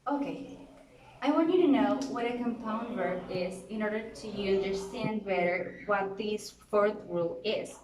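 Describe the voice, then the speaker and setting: A woman's voice: medium pitch, darkish tone, reverberant, a little hiss or hum, poor audio. A young woman with a Colombian Spanish accent, a native Spanish speaker, explaining pronunciation rules to a class in a casual, encouraging way. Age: young adult. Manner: casual, encouraging teacher tone with fillers. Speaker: student presenter.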